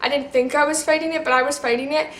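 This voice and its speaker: A woman's voice: sits high, steady tone, fast talker, a bit bright, reverberant, slight background noise. A teenage girl vlogger telling a personal story to camera in a rambling, casual way, full of "like" and restarts.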